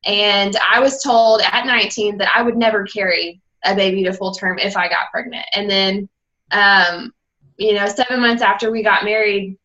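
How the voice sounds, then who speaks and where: A woman's voice: medium pitch, steady tone, normal speed, pushed and bright, lo-fi sound. A young woman on a team call who tells her personal story candidly and rambles a little, acting out the people she quotes. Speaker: guest speaker and fitness coach.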